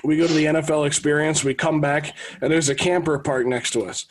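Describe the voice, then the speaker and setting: A man in his thirties from New England, co-hosting a sports podcast and telling anecdotes in a lively, casual way with frequent restarts. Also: on the high side, a little fast. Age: 30s. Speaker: podcast co-host.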